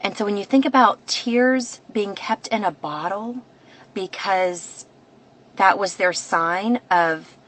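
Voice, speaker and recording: A woman from the United States hosts a devotional podcast, speaking earnestly and reflectively and often restarting her sentences. Her medium-pitched voice is fairly bright and slow, though the audio is poor.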